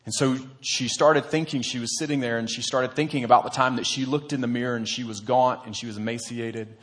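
Guy preaching a sermon, earnest, talks like he's telling a story, medium pitch. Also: fairly even intonation, a little fast, a bit bright. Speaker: pastor.

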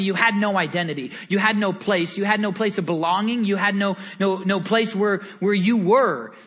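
A man preaching a sermon in an earnest, animated storytelling way, often repeating words as he goes. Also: high-pitched. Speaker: pastor.

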